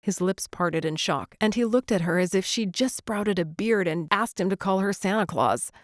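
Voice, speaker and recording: A woman reading a romantic comedy audiobook in gentle, even narration. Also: medium pitch, normal speed, dry recording, studio quality. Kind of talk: scripted narration.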